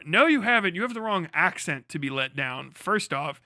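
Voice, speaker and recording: A man's voice: high-pitched, animated, moderate pace, few pauses, sharp tone, dry recording, studio quality. A young man from the United States ranting bluntly and profanely in casual live-stream commentary.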